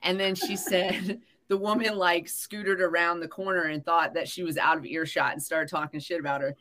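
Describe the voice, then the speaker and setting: Woman podcast co-host, bright tone, chatty storyteller who acts out quoted lines. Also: fairly low pitch, moderate pace. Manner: animated, acts out quoted voices, laughs often. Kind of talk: casual chat, storytelling.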